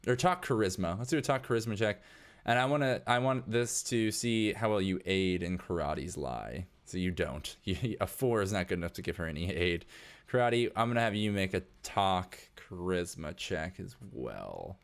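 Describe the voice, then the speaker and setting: A man narrating as game master in a tabletop game, talking casually with many fillers. His voice is deep and low. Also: lively intonation, normal speed.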